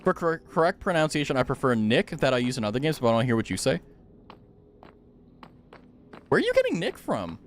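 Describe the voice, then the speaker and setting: A man's voice: medium pitch, wildly swooping pitch, fairly quick, pauses often, a little hiss or hum. A young man streaming a game, chatting casually and playfully with his viewers. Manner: playful, chatty, talks to chat. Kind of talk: casual gaming commentary.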